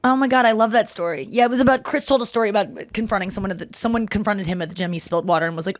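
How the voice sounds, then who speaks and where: A female podcast host tells stories in casual chat, talking rapid-fire with few pauses. She's animated, swears freely and acts out quotes in a higher voice, and the recording has no echo.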